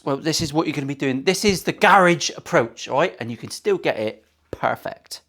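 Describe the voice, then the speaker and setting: A man's voice: a little high, lively intonation, brisk, fairly bright tone. A middle-aged man, a guitar maker hosting his own workshop video, talking in sweary, self-mocking, rambling banter. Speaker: luthier and channel host. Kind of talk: casual workshop vlog banter.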